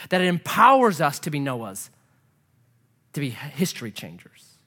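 A man preaching a sermon as pastor, earnest and emphatic, dropping to a soft hush as he prays. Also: fairly high pitch, big pitch swings, unhurried, pauses often. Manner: drops to a soft hush for prayer.

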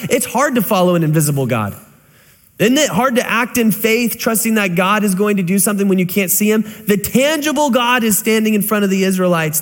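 A man in his thirties preaching a conversational sermon, full of rhetorical questions. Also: high-pitched. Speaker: pastor. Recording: long reverb of a large hall.

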